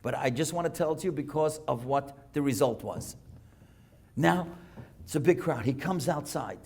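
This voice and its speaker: High-pitched, gravelly rabbi telling a story. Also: male voice, moderate pace. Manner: animated storyteller, reads Hebrew text aloud and translates it. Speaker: rabbi giving a guest lecture. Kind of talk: storytelling sermon. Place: synagogue lecture.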